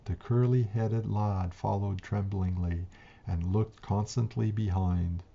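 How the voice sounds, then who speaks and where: Male narrator, deep and dark-toned, slow measured reading of a classic tale. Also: steady tone, vocal fry. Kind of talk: storybook reading. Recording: dull lo-fi recording.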